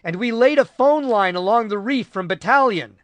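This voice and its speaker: A man voicing a Marine officer who yells a report. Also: high voice, expressive, normal speed, dry recording, voice pushed up. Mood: yelling. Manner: yelling reports. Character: Marine officer, eager and yelling.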